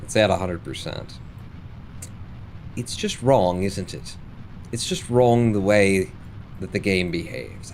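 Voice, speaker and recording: Grumpy guy streaming a game, kinda low voice, swears a lot, bit of hiss behind. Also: lively intonation, measured pace, long pauses, a little mellow. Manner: frustrated, sarcastic, swearing at the game. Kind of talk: live gameplay commentary.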